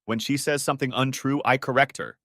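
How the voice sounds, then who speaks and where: A man's voice: mid-range voice, steady tone, a little fast, a bit bright, dry recording, clean studio sound, lightly acted. Man playing a cold, betrayed husband. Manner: caustic, commanding. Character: betrayed husband, cold and controlled, flaring angry.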